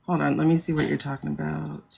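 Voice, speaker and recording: Woman, livestream host, rambling casual chat, gravelly fry. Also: low-pitched, flat delivery, quick pace, a little mellow, muffled recording. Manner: chatty, rambling, laughs often.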